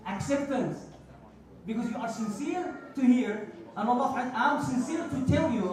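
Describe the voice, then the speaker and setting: A man delivers a passionate Friday sermon, slipping phrases into his stories. His voice sits very high for a man. He is heard from a distance in a large mosque hall with strong echo. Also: darkish tone. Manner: passionate, storytelling, mixes Arabic phrases. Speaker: preacher. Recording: echoey hall, voice from far off.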